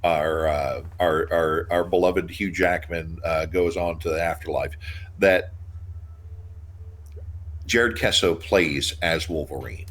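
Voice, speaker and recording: Deep-voiced man rambling on a podcast. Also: fairly even intonation, takes it slowly, a bit bright, a little hiss or hum. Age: 30s. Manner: rambling, restarts, laughs often. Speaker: podcast co-host. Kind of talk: casual chat.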